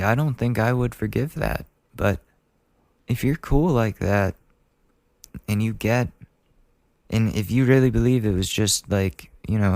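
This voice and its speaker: A young man in his twenties talks through listener letters on his podcast, joking and chatty. His voice sits on the low side, and the recording is dry and close with no room sound. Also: darkish tone, no echo. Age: 20s. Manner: chatty and joking, laughs at his own lines. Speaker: podcast host. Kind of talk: casual advice podcast, reading listener letters aloud.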